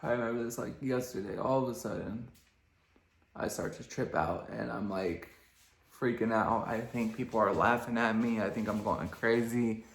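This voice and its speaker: Laid-back young man with a gravelly voice. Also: fairly low pitch, normal speed. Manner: laid-back, rambling, lots of fillers. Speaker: vlogger. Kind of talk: casual storytelling. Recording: echoey room.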